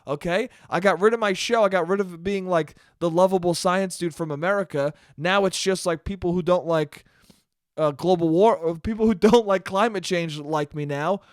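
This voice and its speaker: A man's voice: high voice, moderate pace, no room sound, studio quality, lightly acted. A man putting on an indignant, defensive middle-aged TV science guy who whines and swears in exasperation. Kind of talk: comic impression in a solo podcast.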